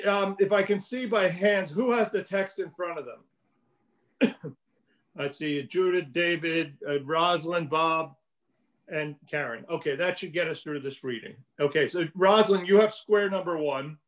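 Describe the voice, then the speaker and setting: High-voiced man lecturing on a video call. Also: rough recording. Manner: measured, explanatory, addresses students by name. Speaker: teacher.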